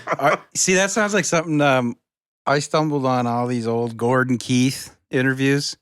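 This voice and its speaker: A man on a comedy podcast, talking casually and meandering through an anecdote. His voice sits at an ordinary middle pitch. It is recorded close and dry. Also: fairly even intonation, moderate pace, fairly bright tone, clean tone, dry recording. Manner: laid-back, rambling anecdotes. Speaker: podcast co-host. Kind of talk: casual chat.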